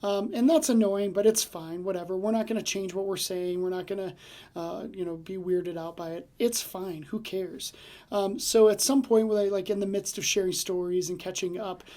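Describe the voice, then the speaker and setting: A man's voice: high voice, steady tone, moderate pace, warm tone. A man hosting a casual devotional podcast, telling stories in a chatty way with many fillers and restarts. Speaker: podcast host and ministry leader.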